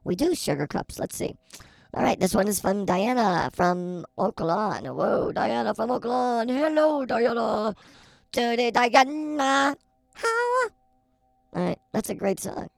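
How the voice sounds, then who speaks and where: A woman's voice: medium pitch, sing-song, measured pace, gravelly, no room sound. A woman playing a sassy, blunt sidekick on a comedy psychic show, full of teasing wisecracks. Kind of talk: comedy sketch.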